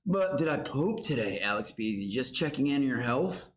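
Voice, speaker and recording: A young man hosting a livestream from his garage, loud and profane, shouting out names from chat. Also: on the high side, normal speed, hardly any pauses. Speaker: livestream host. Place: home garage. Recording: roomy garage echo.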